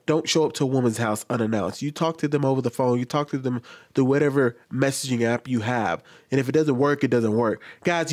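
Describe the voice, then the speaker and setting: A young man talks in an exasperated, lecturing way, pleading with his listeners again and again. His voice sits at an ordinary middle pitch. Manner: lecturing, exasperated, with repeated pleas. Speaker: commentator. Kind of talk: reaction commentary.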